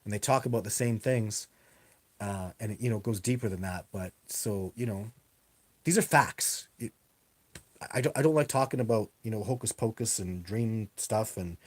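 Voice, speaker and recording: A man's voice: fairly low pitch, moderate pace. A man talks straight into a webcam during a live stream, taking viewer questions one after another. He rambles and repeats himself for emphasis. It has the loose, casual feel of an online Q&A. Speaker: livestream host answering viewer questions. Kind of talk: casual livestream Q&A. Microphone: webcam on a live video stream.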